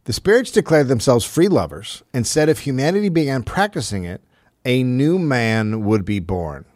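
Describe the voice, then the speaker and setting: Deadpan storytelling man. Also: mid-range voice, moderate pace, dry recording, studio quality. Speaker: podcast host. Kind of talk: comic storytelling.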